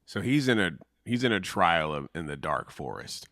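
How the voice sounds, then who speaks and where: Male podcast co-host, very deep but bright tone, halting amused chat, dry sound. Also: big pitch swings, no echo. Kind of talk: casual chat.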